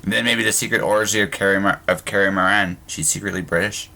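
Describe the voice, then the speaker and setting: A man's voice: low voice, fairly even intonation, quick pace, creaky, sharp tone. A man hosting a podcast interview in casual conversation, often restarting and repeating words as he thinks aloud. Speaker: podcast host.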